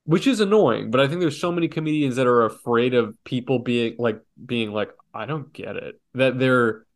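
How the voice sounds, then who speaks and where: A young man co-hosts a relaxed podcast. He thinks aloud in long, looping sentences full of restarts, and his voice sits in a plain middle pitch. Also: normal speed. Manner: rambling, reflective, full of restarts. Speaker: podcast co-host, comic artist. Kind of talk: casual podcast banter.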